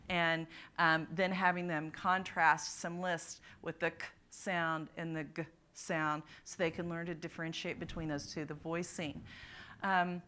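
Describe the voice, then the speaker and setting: Bright, crisp woman giving a phonics workshop. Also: fairly low pitch, steady tone, a little slow. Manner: demonstrates speech sounds and asks the audience to join in. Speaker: literacy presenter. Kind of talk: conference presentation. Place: conference room.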